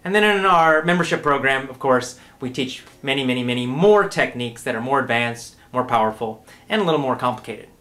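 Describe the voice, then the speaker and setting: A middle-aged English teacher gives a casual spoken lesson in a relaxed manner, repeating words and often checking in with "right?". His voice is medium in pitch, and he talks a little fast with hardly any pauses.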